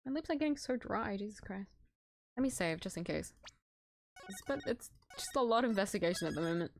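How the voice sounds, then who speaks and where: A woman streamer giving casual gameplay commentary, excitable and giggly, swearing and squealing. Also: medium pitch, fairly quick, vocal fry.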